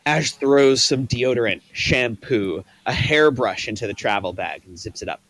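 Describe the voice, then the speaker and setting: A man reads scene directions aloud for a table read. His delivery is plain and even, setting each scene. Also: medium pitch, moderate pace, no echo. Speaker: narrator reading stage directions.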